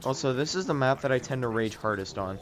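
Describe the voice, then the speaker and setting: A man's voice: mid-range voice, expressive, quick pace, a little hiss or hum. A man doing casual commentary over an online game, sarcastic and ranting, swearing freely and joking about the other players. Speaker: gaming YouTuber.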